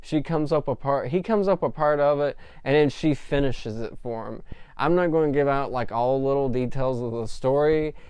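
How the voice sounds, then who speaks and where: A man's voice: medium pitch, normal speed, a little mellow, smooth, dry recording. A man reviewing a show episode in a casual, rambling recap with many fillers. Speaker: film reviewer.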